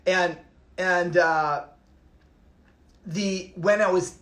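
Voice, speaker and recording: A middle-aged Canadian man who teaches yoga talks in a casual, reflective way, rambling and repeating phrases with many restarts. His voice is high-pitched and animated, with a measured pace and a fairly bright tone, and the sound is roomy.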